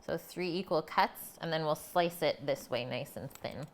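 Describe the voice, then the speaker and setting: This woman has a deep voice and a moderate pace, picked up by a streaming mic with slight hiss or hum. She's hosting a live cooking stream from her home kitchen, casually chatting with viewers as she cooks.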